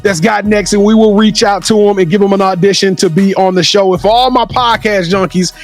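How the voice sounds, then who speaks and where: A male podcast co-host giving an energetic, sing-song, shouting sign-off to the show. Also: sits high, a little fast, faint music behind. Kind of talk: hype outro, sign-off.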